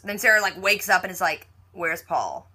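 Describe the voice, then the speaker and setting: Bright-voiced woman recapping a TV episode. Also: mid-range voice, steady tone, fast talker. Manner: chatty, heavy use of "like"; playful, mock-quotes characters.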